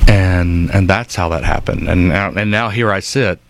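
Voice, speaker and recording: Chatty low-voiced man from Louisiana. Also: a little slow, slight background noise. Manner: chatty, laughs often, tells stories. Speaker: guest who plays Santa Claus. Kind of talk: casual talk show interview.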